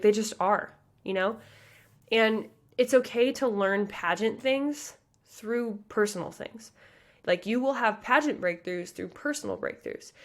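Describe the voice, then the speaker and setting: A woman in her early thirties, from the American Midwest, talks straight to her listeners as a pageant coach on her own podcast. Her delivery is earnest and passionate, quick and full of "like" and "you guys" fillers, in a mid-pitched voice. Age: 30s. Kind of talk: motivational podcast monologue.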